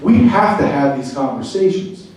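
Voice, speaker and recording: A middle-aged man, a retired border agent, giving a fervent speech to a club, swinging from loud to quiet. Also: mid-range voice, very animated, moderate pace, slight background noise. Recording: very echoey room, speaker far from mic.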